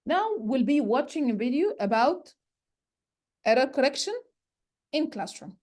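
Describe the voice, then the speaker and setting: A woman's voice: high-pitched, expressive, unhurried, a little mellow. A woman lecturer teaching about correcting learners' errors. She explains step by step and often starts with "so". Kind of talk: recorded teacher-training lecture.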